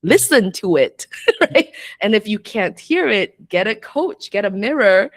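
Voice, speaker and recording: A woman's voice: medium pitch, very animated, a little slow, no room sound. Chatty reflective woman, dry sound. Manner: chatty and reflective, peppered with "like", laughs often. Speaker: podcast guest, astrologer and coach. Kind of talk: casual interview chat.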